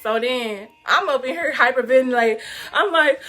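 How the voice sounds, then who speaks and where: A young woman telling a story to her viewers in a casual, animated, profane way, laughing often. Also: sits high, normal speed. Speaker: vlog host telling a story.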